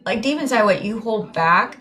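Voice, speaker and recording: Woman reading tarot live, rambly and heartfelt, keeps repeating herself, soft music under her. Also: on the high side, expressive, moderate pace. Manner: meandering, repetitive, heartfelt. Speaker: tarot reader.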